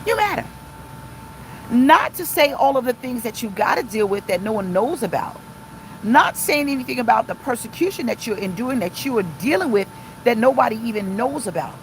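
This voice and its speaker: A woman's voice: fairly high pitch, lively intonation, fairly quick, slight background noise, low-quality recording. Impassioned middle-aged woman pastor preaching. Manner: impassioned, emphatic, repetitive preaching. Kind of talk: live-streamed sermon reading viewer comments. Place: inside a car.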